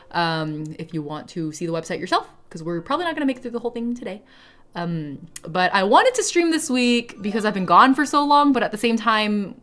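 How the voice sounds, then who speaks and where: A woman's voice: on the low side, a bit bright. A woman livestreaming, chatting casually and answering her viewers. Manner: chatty, reads and answers chat aloud.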